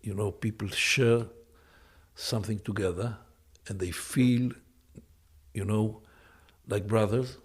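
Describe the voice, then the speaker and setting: A man's voice: fairly low pitch, steady tone, takes it slowly, slightly rough. A man speaking as an interview guest, hesitant and searching for his words.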